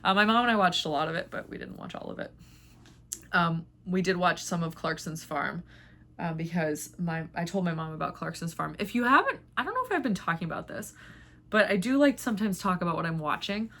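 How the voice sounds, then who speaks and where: Chatty woman with a lowish voice. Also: expressive, fairly quick, sharp tone. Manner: rambling, chatty, many filler words. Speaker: knitting vlog host. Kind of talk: casual chat.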